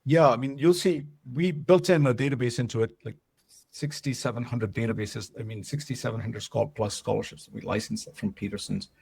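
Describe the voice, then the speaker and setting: A man's voice: mid-range voice, fairly quick, gravelly, a little mellow, husky, no room sound. A man presenting a webinar, talking loosely with lots of fillers and asking if things make sense. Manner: loose and conversational, many fillers and checks for understanding. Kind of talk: casual webinar talk.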